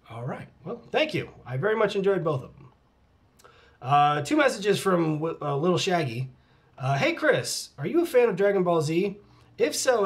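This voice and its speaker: A man in middle age talks through viewer questions in a relaxed, candid vlog. His voice sits a little high, and he slips easily into mock-dramatic asides and offhand curses. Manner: laid-back and candid, swears casually, mock-dramatic asides. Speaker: vlogger answering fan questions. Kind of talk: casual chat, reading out comments.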